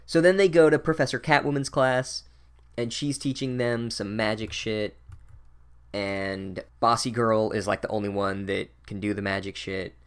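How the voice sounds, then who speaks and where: A man's voice: lowish voice, fairly even intonation, moderate pace, smooth. A man giving a casual, profane, sardonic recap of a book as a podcast host. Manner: sardonic, swears a lot, wry.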